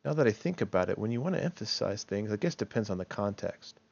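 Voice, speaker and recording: A man's voice: lowish voice, very animated, quick pace, creaky, darkish tone, muffled recording. A man teaching English grammar in a recorded online lecture, chatty and thinking aloud, often checking in with "right?" and correcting himself as he goes.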